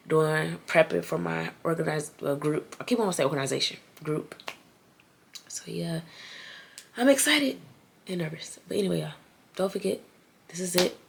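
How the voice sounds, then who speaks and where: With a deep, vocal-fried voice and a stuffed-up nose, a young vlogger talks sincerely and casually straight to her viewers, calling them "y'all." Slight background noise can be heard.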